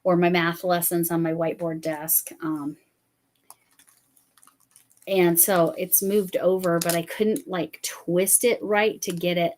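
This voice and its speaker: A woman hosting a casual livestream, chatty and quick to laugh, talking to a camera on a tripod at her desk. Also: lowish voice, flat delivery, darkish tone. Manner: chatty, laughs often, fidgety and restless. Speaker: crochet livestream host.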